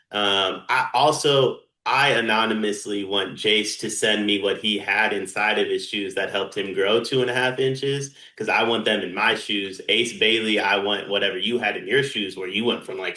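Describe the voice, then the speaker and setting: A man with a lowish, sharp-toned voice co-hosts a sports podcast, firing off dry, joking one-liners during casual banter. The recording has an echoey room sound.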